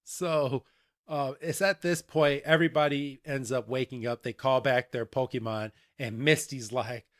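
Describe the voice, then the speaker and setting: A man hosting a podcast, retelling a cartoon episode in an animated, chatty way and laughing often. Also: mid-range voice, a little slow, no room sound, clean studio sound. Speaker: podcast host. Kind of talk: casual podcast recap.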